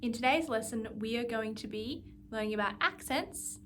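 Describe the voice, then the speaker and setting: High-voiced woman teaching music practice. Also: normal speed, fairly bright tone, slight background noise. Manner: patient, counts and sings note names aloud. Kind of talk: guided practice lesson.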